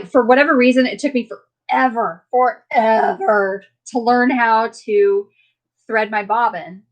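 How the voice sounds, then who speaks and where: Woman, live-stream host, friendly and rambling, answering her viewers and chatting casually. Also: fairly high pitch. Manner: rambling, chatty, many fillers; warm, friendly toward viewers.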